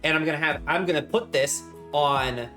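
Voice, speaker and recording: A man's voice: on the high side, moderate pace, pushed and bright, faint music behind. A young man streaming casually from his home kitchen while he bakes, rambling cheerfully and greeting his chat with strings of hellos.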